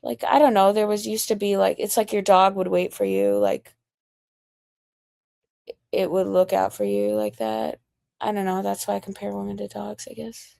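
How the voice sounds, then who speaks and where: A woman's voice: medium pitch, sing-song, normal speed, gravelly, mellow, no echo. A young American woman livestreaming, ranting in a rambling, heated and profane way. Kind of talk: casual livestream rant.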